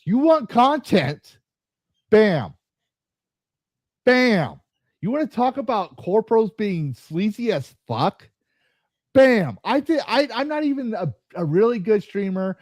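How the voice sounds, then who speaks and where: In a dry recording, a man with a high, sing-song voice delivers a heated rant on his gaming podcast, pausing often at an unhurried pace with a slightly mellow tone. He's a host and streamer, swearing angrily and repeating himself, restarting his sentences again and again.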